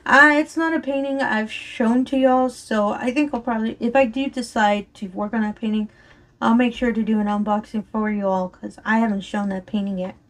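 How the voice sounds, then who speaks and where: A rambling, chatty woman with a twang talks while crafting, her voice slightly high and a touch strained. She apologizes often and keeps things loose and casual. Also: fairly even intonation, normal speed. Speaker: crafting vlogger. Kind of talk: casual chat while diamond painting.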